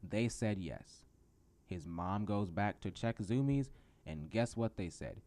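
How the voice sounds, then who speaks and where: A teenage guy hosts his own podcast with a low-pitched voice. He rants in a sarcastic, excitable way and often jumps up in pitch for emphasis. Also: slow. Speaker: podcast host. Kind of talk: solo rant podcast.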